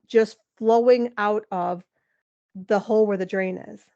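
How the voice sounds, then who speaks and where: A woman in her forties, a podcast guest, telling a personal story in an animated, emotional way, with lots of "like" and some laughter. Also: mid-range voice, measured pace, muffled recording. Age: 40s. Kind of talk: candid interview storytelling.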